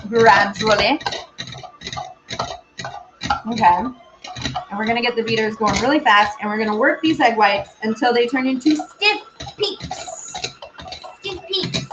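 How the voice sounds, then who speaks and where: A woman hosts a casual baking stream from her home kitchen, chatting with viewers and her pets in a rambling way as she mixes. Her voice is fairly high, her pace measured with long pauses, and the sound is lo-fi with a noisy background.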